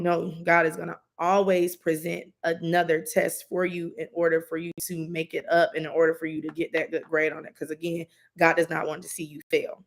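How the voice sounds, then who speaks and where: A woman's voice: on the low side, completely flat delivery, a little fast, hardly any pauses. A woman doing a live-stream intuitive reading, talking casually with lots of fillers. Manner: casual, rambling, filler-heavy. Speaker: intuitive reader.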